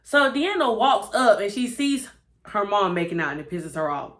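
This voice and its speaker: A woman giving a chatty, animated recap of a TV episode and acting out the characters' lines. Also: medium pitch, normal speed. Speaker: TV show reviewer.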